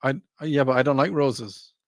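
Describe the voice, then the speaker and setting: A man co-hosting a show, casually bantering and teasing with deadpan remarks. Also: mid-range voice, fairly quick, no room sound, studio quality. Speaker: podcast co-host.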